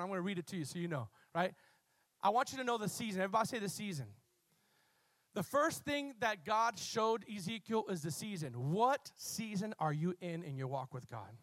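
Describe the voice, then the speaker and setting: A male pastor preaching a passionate sermon to a congregation, swinging from loud bursts to low quiet asides and having them repeat words. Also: no echo.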